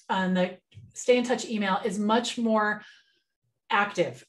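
Woman business mentor, webinar, relaxed chatty delivery, plain computer mic. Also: mid-range voice. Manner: relaxed, chatty, frequent fillers and restarts. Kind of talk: conversational webinar presentation.

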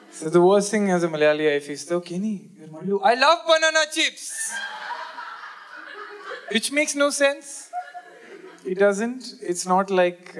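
A young man from India performing stand-up comedy, animated and jokey, acting out quick bits of dialogue. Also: fairly high pitch, noisy background. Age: 20s. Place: live comedy venue with audience.

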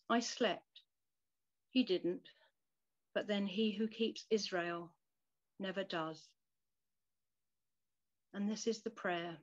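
A woman reading a devotional story and prayer aloud in a soft, measured, reflective way. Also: medium pitch. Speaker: devotional reader. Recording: dull lo-fi recording.

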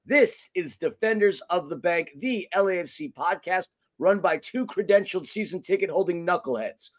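A man's voice: sits high, expressive, moderate pace. A man co-hosting a casual soccer fan podcast, opening with playful, theatrical introductions. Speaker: podcast co-host. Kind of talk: casual sports podcast chat.

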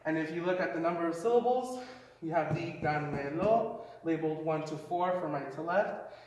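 A man with a fairly high voice explains a Spanish lesson in a relaxed, conversational way, with the odd filler. He sounds some distance from the mic, in a strongly echoing room with a long reverb tail. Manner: casual, explanatory, uses fillers. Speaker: Spanish teacher. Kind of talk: classroom lesson. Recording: echoey room, mic far off.

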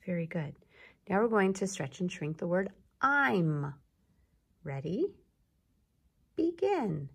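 A woman's voice: on the low side, very animated, takes it slowly, vocal fry, long pauses, slightly rough. A woman teacher giving a patient phonics lesson to young children, drawing out and sounding out words.

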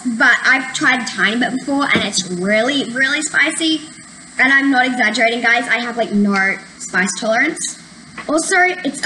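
A woman's voice: fairly high pitch, sharp tone, echoey room, slight background noise, rough recording. A young woman vlogging in a casual, chatty way, often filling with "like". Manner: chatty, lots of "like" fillers. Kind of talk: casual chat.

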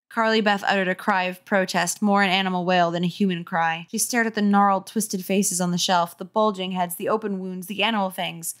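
A woman's voice: medium pitch, steady tone, a little fast, hardly any pauses, a bit bright. Sarcastic woman reading a spooky book. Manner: sarcastic, mocking asides. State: sore throat. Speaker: host reading a children's book aloud. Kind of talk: comedic book reading with commentary.

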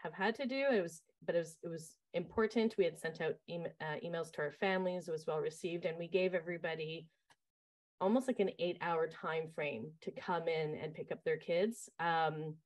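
Casting note: camp director, woman, fairly low voice, chatty and animated, telling camp stories with lots of ums. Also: normal speed. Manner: lively, acts out quoted voices, many fillers. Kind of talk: casual interview storytelling.

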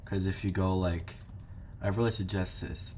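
A man's voice: low-pitched, steady tone, normal speed, darkish tone, a little hiss or hum. A young man giving casual, playful gameplay commentary, teasing the players and talking to his viewers. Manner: playful, teasing, talks to viewers while playing. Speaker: gaming YouTuber.

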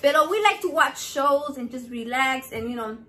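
Woman, high voice, brash and profane, cooking vlog host chatting at home. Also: normal speed. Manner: brash, foul-mouthed, animated, mixes Spanish into English. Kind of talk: casual profane chat to camera.

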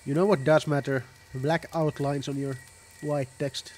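A man's voice: a little high, steady tone, unhurried, darkish tone, slight background noise. A man doing casual let's-play commentary, sarcastic and swearing as he laughs at the game. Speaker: gameplay commentator.

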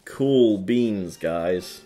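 A man's voice: low-pitched, lively intonation, extremely slow, dark tone, faint music behind. A man hosting his own gaming channel, casually commenting on a card game with playful quips and goofy sound effects while reading card text aloud.

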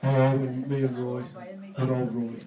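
A man's voice: mid-range voice, flat delivery, unhurried. Rowdy man telling jokes. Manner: laughing, swearing banter. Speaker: amateur joke teller. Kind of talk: pub joke telling to friends. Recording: echoey room from far off with loud crowd.

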